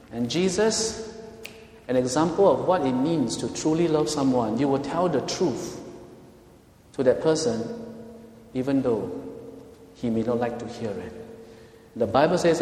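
A male pastor preaching a sermon, swinging between loud emphatic lines and soft hushed ones. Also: fairly high pitch, animated, normal speed. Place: church. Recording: echoey hall with long reverb.

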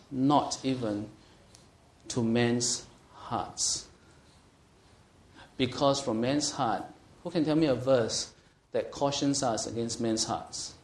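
Animated man teaching the Bible in an echoey room. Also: medium pitch. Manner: asks the group questions, reads scripture aloud; grows animated and emphatic, stretching key words.

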